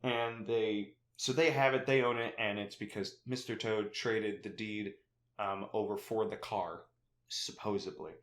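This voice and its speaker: A man's voice: lowish voice, fairly even intonation, fairly bright tone. Laughing young man in an echoey room. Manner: laughs often, acts out characters in quick funny voices. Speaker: podcast host. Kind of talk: casual film podcast chat.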